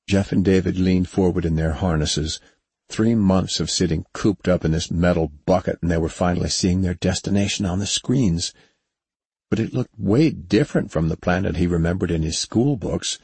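A man narrating an audiobook in an even, unhurried storytelling manner. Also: low voice, slightly rough, dry recording.

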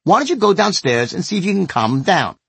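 A man quoting his fiancée in an earnest, concerned way, in a husky voice close to his own. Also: high voice, big pitch swings, quick pace, no echo, voice pushed up, full character voice. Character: adult woman, a concerned fiancée.

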